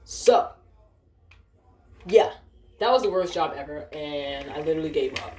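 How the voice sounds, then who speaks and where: A woman's voice: a little slow, a little hiss or hum. Profane woman ranting in an echoey room. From Ohio, United States. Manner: animated, profane, acts out quoted voices higher. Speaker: vlogger. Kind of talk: casual storytime rant.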